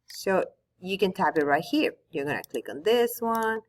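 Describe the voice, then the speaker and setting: Speaking at a normal speed in an expressive, medium-pitched voice, a Spanish teacher guides her students step by step through an online tool. It's a screen-recorded tutorial done patiently at her computer.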